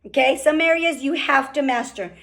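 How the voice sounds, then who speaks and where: Woman, high voice, motivational team call, fast and fired up, keeps asking okay?. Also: creaky, fairly bright tone. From California. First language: Spanish. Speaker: team leader speaking on a group call. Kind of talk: motivational business talk. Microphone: call microphone.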